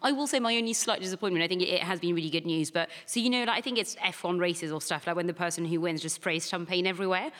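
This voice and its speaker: A woman's voice: lowish voice, quick pace, few pauses, fairly bright tone. Chatty woman on a panel. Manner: chatty, rambling with many fillers. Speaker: comedy panelist. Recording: recording with long hall reverb.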